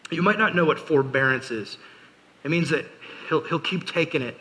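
A man's voice: a little high, moderate pace, sharp tone, poor audio. A man preaching a casual youth sermon, chatty and storytelling, full of fillers and joking asides. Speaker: youth pastor.

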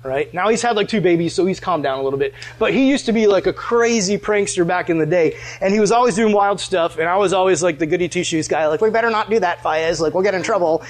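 A man preaching a casual storytelling sermon, chatty and animated, full of "like" fillers. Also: sits high, fast, hardly any pauses. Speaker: pastor.

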